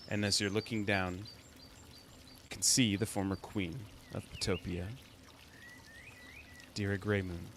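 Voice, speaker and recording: A man game master narrates a tabletop game slowly and descriptively. His voice sits fairly low, and his delivery is unhurried and measured over a faint background hiss. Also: a bit bright.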